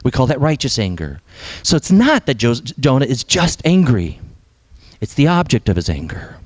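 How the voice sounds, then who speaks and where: A young adult man preaching a sermon as pastor, animated, sometimes dropping to a hush for emphasis. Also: mid-range voice, moderate pace, no room sound.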